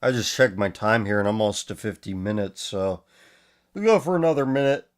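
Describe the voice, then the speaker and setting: Man, sarcastic, profane, reading posts aloud, a bit low-pitched, voice going hoarse. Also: expressive, brisk. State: losing his voice. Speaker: host.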